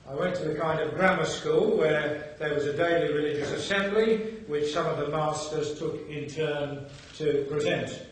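A man in his sixties, a bishop, giving a formal lecture with measured delivery and dry wit. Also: a little high, slight background noise. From England, Birmingham. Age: 60s. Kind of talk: formal after-dinner lecture. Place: large hall. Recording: echoey hall, from far off.

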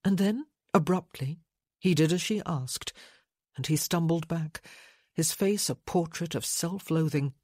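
A woman narrating an audiobook in a measured, unhurried reading. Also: sits low, darkish tone, breathy edge, no room sound, studio quality.

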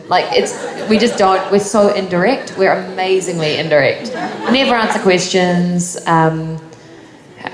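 A woman's voice: on the low side, normal speed, a crowd in the background. A young woman with a New Zealand accent, answering fan questions at a convention panel, chatty and laughing often between fillers. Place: convention hall. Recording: echoey hall, faint noise.

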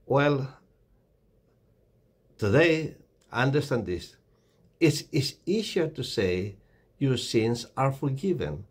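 A man's voice: medium pitch, lively intonation, slow pace, long pauses, slightly rough. A man giving a short devotional sermon, earnest and exhorting, often calling the listeners "friends". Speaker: preacher.

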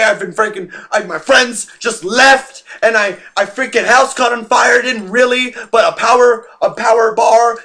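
A man's voice: high voice, bright, forceful tone. A teenage boy rambling and ranting to his camera, swearing freely and filling gaps with fillers. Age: teens. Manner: rambling, profane, restless, with frequent fillers. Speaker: vlogger.

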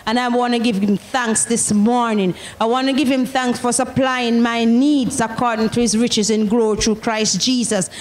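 A woman's voice: on the high side, flat delivery, normal speed, hardly any pauses, a little hiss or hum. A woman giving an earnest, thankful testimony before a church congregation. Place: church service. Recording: echoey church room.

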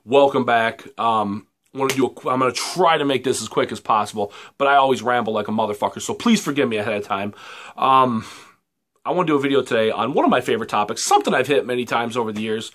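A man's voice: medium pitch, fast, a bit bright. A man, ranting heatedly and profanely in a rambling vlog commentary. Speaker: vlogger.

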